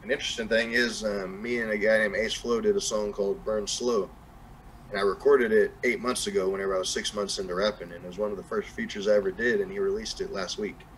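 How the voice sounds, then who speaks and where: A man's voice: on the low side, fairly even intonation, fast, a bit bright, slight background noise, poor audio. A young man with a Southern accent, chatting casually as a podcast guest and rambling with lots of fillers and restarts. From New Mexico. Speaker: guest rapper.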